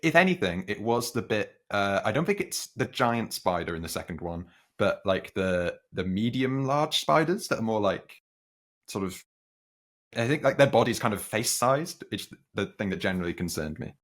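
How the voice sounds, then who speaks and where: A man's voice: lowish voice, sing-song, moderate pace, a bit bright. A man in his twenties hosting a casual film chat, telling rambling stories and correcting himself. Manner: rambling, self-correcting storyteller. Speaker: film podcast host.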